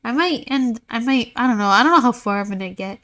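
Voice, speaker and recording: A woman streaming a game, chatting loosely to her viewers in a tired, rambling way. Her humor runs dry and sarcastic, with playful mock insults. Her voice sits somewhat high for a woman. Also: lively intonation, fast talker, fairly bright tone. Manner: rambling, self-mocking, sarcastic. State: tired, yawning. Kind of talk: casual game-stream chat.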